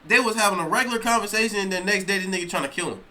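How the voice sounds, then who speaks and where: A man's voice: sits high, rapid-fire, sharp tone. A man reacting to a crime video with incredulous, profane outbursts. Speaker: reaction streamer. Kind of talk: casual reaction commentary.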